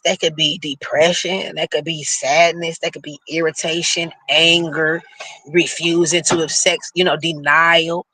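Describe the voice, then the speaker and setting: A man with a New York accent and a high-pitched voice reads horoscopes and riffs on them in casual, slangy talk. His delivery is animated and loose. The sound is close and dry, with no room around it. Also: no echo, poor audio. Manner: animated, breaks into slangy asides. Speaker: horoscope reader and commentator. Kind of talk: reading aloud and riffing in casual chat.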